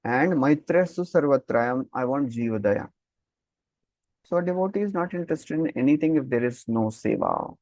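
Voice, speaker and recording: A man teaching a scripture class, explaining slowly, repeating key terms and chanting verses. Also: mid-range voice, expressive, a little mellow, no echo, low-quality recording. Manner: switches between English and Hindi, chants verses. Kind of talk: scripture lecture.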